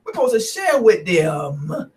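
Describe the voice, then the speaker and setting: High-pitched male preacher, animated, mocking commentary on scripture. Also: unhurried, slight background noise. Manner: animated, mocking, stumbling restarts, frequent "right?".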